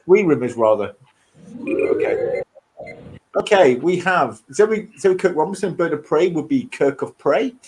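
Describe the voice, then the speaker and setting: A man's voice: a little high, lively intonation, unhurried, long pauses, a little mellow, slight background noise, rough recording. Man hosting a casual quiz. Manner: reads out rules and questions, joking asides. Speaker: quiz host.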